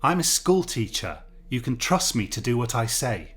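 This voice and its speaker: A man's voice: mid-range voice, very animated, normal speed, fairly bright tone. A man voicing an anxious, pompous male schoolteacher held prisoner, pleading in an earnest, prim way in a story reading. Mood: defensive.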